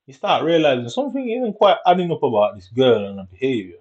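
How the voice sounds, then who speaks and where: A man's voice: medium pitch, huge pitch swings, quick pace, a little mellow. A man, talking in a casual, rambling and repetitive monologue full of street slang and swearing. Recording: dull lo-fi recording.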